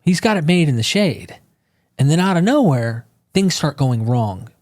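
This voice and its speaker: A man speaking as a podcast guest, telling stories with fervent emphasis and quick bursts of conviction. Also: fairly high pitch, big pitch swings, a little mellow, no echo, clean studio sound. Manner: fervent, emphatic, acts out quoted people. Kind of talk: impassioned conversational storytelling.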